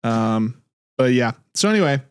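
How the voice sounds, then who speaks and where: A man's voice: mid-range voice, lively intonation, moderate pace, clear, resonant tone, dry recording, studio quality. A man hosting a podcast, chatting casually and laughing easily, then reading his own short story aloud. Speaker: podcast host.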